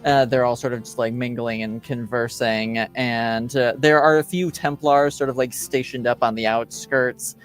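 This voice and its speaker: A man's voice: mid-range voice, fairly even intonation, moderate pace, hardly any pauses, soft background music. A man narrating as game master, hesitant and full of fillers.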